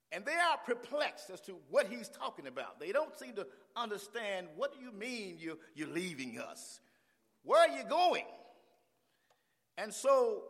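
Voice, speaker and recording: A male pastor preaching a sermon, swinging from hushed lines to shouted refrains. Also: sits high, in a large hall.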